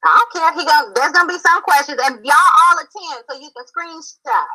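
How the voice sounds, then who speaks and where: A woman's voice: high-pitched, fairly quick, sharp tone, poor audio. Confrontational woman on a call. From Philadelphia. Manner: confrontational, emphatic and repetitive. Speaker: panel guest. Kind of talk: heated live-stream call-in.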